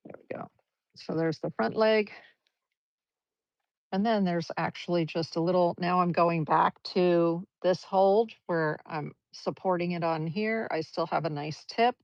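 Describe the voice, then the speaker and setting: This is a woman giving a live painting lesson, her low voice carrying a gravelly edge. She chats and encourages as she explains every stroke. The livestream audio sounds dull and lo-fi, dry with no room echo. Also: unhurried, darkish tone. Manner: chatty, encouraging, talks through each brushstroke. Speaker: art teacher.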